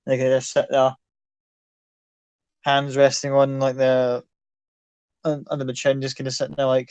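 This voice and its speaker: Relaxed man narrating as game master. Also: mid-range voice, normal speed, long pauses, clean tone, dry recording, dull audio. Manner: loose, rambling description with fillers and swearing.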